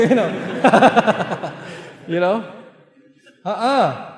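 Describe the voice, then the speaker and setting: A man giving a lively sermon to a congregation, emphatic and joking, repeating his key phrases. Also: very high voice, normal speed. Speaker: preacher. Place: large hall with a congregation. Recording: echoey hall with long reverb.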